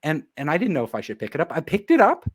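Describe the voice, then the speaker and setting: Man, interview guest, lively swooping pitch, acts out dialogue, casual storytelling. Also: fast talker, breathy edge. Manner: animated, acts out quoted dialogue.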